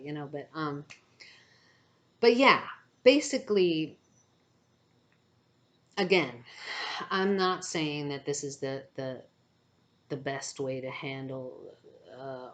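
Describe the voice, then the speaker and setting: Woman, deep register, casual spiritual vlogger, earnest and chatty with frequent laughs. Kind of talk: casual storytelling monologue.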